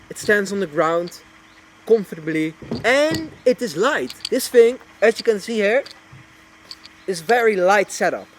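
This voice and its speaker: A young man, a wildlife filmmaker, chatting casually about his camera gear, restarting and repeating phrases as he goes. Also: high voice. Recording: faint background noise.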